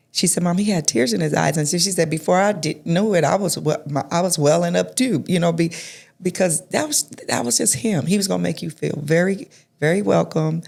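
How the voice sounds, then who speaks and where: Gravelly-voiced woman telling family stories. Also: lowish voice. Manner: reflective, soft-spoken, many restarts. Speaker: interview guest. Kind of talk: conversational storytelling.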